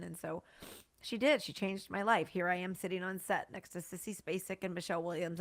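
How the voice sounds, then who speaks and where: A woman guest on a podcast, telling a heartfelt story in an animated way, tearful and laughing at once. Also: medium pitch, no room sound. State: crying. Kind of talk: emotional interview storytelling.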